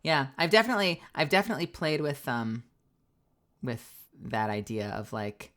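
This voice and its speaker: A female voice actor chats casually on a live stream, rambling and using plenty of fillers while laughing often. She has a bass voice with a fairly bright tone and speaks at a normal speed.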